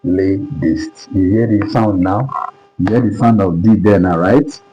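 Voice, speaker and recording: Low dark-voiced man teaching pronunciation. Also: normal speed. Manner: repeats words and keeps asking "do you understand?". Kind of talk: classroom lesson. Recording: dull lo-fi recording, faint music.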